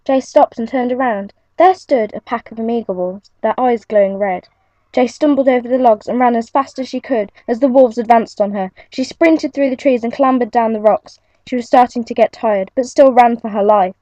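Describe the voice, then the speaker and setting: A young woman reading her own adventure story aloud, in an earnest, steady storybook manner. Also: a little high, normal speed, no room sound. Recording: muffled lo-fi home recording.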